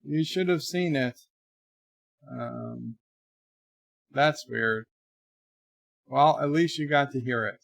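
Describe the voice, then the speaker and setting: A man's voice: mid-range voice, takes it slowly, gravelly, pauses often, dry recording, clean studio sound. A man hosting a live stream, reading viewers' chat messages aloud in a rambling, chatty way. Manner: chatty, rambling, trails off quietly.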